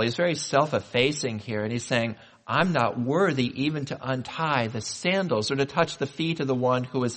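A male pastor delivering a sermon in a conversational manner, asking the congregation questions and slowing down for emphasis. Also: mid-range voice, a bit bright. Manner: conversational preaching with rhetorical questions and slow emphatic pauses.

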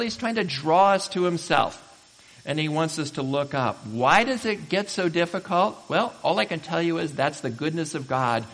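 A man preaching a sermon as pastor, emphatic and building to loud exhortation. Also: on the high side. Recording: reverberant hall.

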